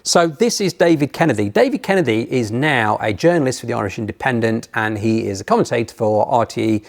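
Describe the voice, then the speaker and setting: A man chatting as a guest, telling animated, jokey stories full of digressions. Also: mid-range voice, a little fast, vocal fry. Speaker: guest presenter. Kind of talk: casual chat.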